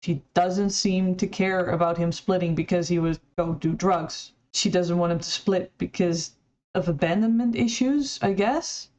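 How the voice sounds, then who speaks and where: A woman's voice: fairly low pitch, a little slow, a little mellow. A woman commenting critically on recorded clips in a conversational, somewhat hesitant way. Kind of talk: video commentary.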